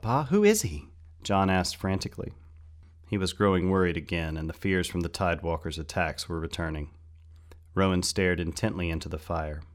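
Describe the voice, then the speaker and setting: A man reading a fantasy story aloud in steady, measured narration. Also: deep voice. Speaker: audiobook narrator. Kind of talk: scripted narration.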